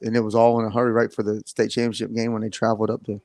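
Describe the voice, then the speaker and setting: A man, a head soccer coach chatting as a radio guest, easygoing and laughing often, halting as he talks. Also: lowish voice, completely flat delivery, a little mellow, dry recording. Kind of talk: casual radio chat.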